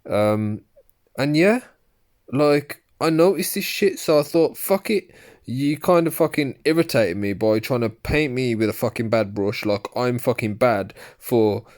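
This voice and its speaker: A man giving angry, profane commentary over a recorded argument. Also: mid-range voice. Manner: profane, ranting, insulting. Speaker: video commentator.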